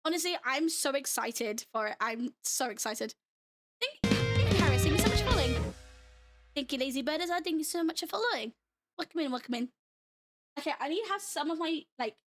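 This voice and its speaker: A woman's voice: high voice, expressive, brisk, fairly bright tone, soft background music. A young British woman with a mixed British, American and Australian accent, chatting casually and giggling often as a livestreamer talking to viewers. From Britain. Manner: giggly and bubbly, laughs often. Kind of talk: casual chat with stream viewers.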